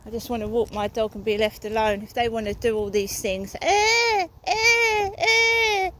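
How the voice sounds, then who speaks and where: A woman's voice: medium pitch, level tone, fairly quick, a little mellow, a little hiss or hum, poor audio. A woman vlogging outdoors on a walk, ranting in an aggrieved, rambling way and swearing freely into a phone. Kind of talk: rambling walk-and-talk vlog.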